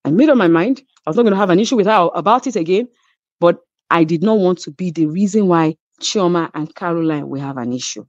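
A woman's voice: lowish voice, animated, fast, a little mellow, dry recording, lo-fi sound. A woman with a Nigerian English accent, a reality show cast member telling a story emphatically as a guest. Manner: emphatic, acts out others' quoted lines. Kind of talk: animated storytelling.

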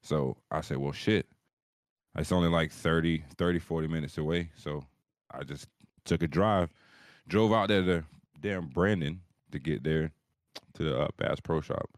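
A man's voice: very deep voice, moderate pace, no room sound, clean studio sound. A man co-hosting a podcast over a video call, telling a long profane story in casual chat. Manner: rambling, profane, animated storyteller. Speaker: podcast co-host.

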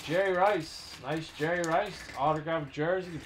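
A man hosting a live card box break, rattling off buyer names and teams in quick upbeat banter while losing his voice. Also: on the high side, slight background noise.

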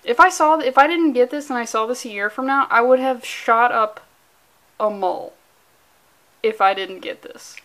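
A woman's voice: a little high, normal speed, fairly bright tone. A woman vlogging about comic books in a casual, mock-angry, profane and rambling way. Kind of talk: casual comic review vlog.

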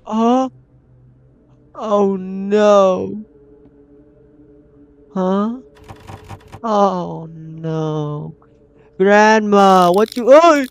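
A man's voice: high voice, smooth. A young man hosting a horror game let's play, easily startled and talking to himself and his viewers as he goes. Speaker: gaming channel host.

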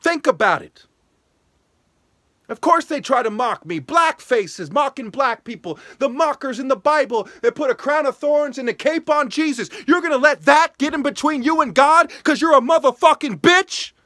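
A man with a strikingly high, sharp voice rants furiously at his viewers. He swears freely, hectors his audience, and climbs into shouting. The sound is dry and close. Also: lively intonation, moderate pace, no echo. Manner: angry, profane, hectoring; rising to shouting. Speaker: vlogger. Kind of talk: ranting monologue.

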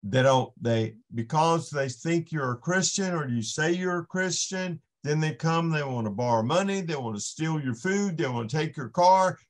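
A man's voice: on the high side, lively intonation. A man, a ministering guest on a faith podcast, telling a personal story and acting out the voices in it. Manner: unhurried storytelling, acts out the voices in his story. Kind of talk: casual storytelling testimony.

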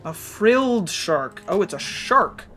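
Bright-voiced man with a cold doing excitable, profane game commentary to chat. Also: high-pitched, takes it slowly, faint music behind. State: has a cold. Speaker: streamer. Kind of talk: casual gameplay commentary.

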